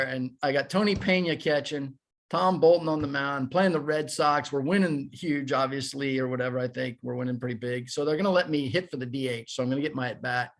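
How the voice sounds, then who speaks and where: A man in his fifties, a former baseball player, telling animated, self-deprecating stories as a podcast guest. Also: fairly high pitch. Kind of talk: casual storytelling.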